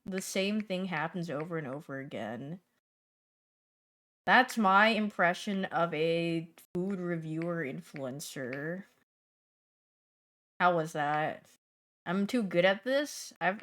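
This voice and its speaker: A young woman streamer in casual livestream chat, playful and chatty, answering her chat and swinging from loud bursts to mumbling asides. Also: fairly low pitch, lively intonation, takes it slowly.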